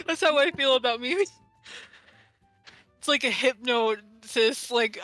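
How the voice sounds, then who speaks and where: Bright-voiced woman gushing on a stream, giggly, a bit high, music behind. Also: a little slow, pauses often, dry recording. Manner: excitable, giggly, talks in bursts. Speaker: vtuber artist on a panel. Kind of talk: casual stream chat.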